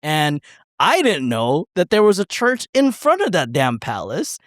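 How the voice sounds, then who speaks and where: Animated, swearing man telling a story. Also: on the high side, a little slow, dry recording, clean studio sound. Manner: rambling, profane, laughing, acts out quotes. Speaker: podcast co-host. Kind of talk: casual storytelling chat.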